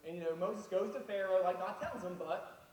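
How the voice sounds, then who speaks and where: A male preacher telling a Bible story with lively, casual energy. His voice sits high and echoes heavily around a large hall, picked up from far away over a faint rumble. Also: normal speed. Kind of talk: sermon.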